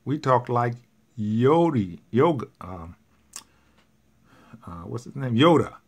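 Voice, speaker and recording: A man's voice: mid-range voice, very animated, slow pace, breathy edge. A man teaching Spanish grammar to a class, patiently repeating each point step by step.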